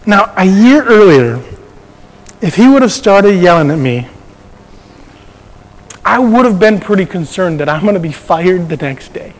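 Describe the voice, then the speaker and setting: High-voiced man telling his story in a hall. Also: very animated, measured pace, pauses often. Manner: conversational storytelling with restarts. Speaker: speaker sharing a personal testimony. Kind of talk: personal faith testimony.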